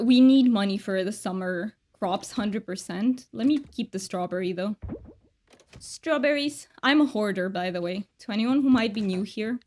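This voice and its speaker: A woman streamer chatting casually with her viewers while gaming, bubbly and laughing often. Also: medium pitch. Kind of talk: casual live-stream chat.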